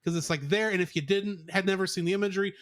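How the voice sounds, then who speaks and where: A man co-hosting a podcast, giving an animated, sarcastic movie review in casual chat. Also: high-pitched, very fast, no echo, studio quality. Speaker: podcast co-host.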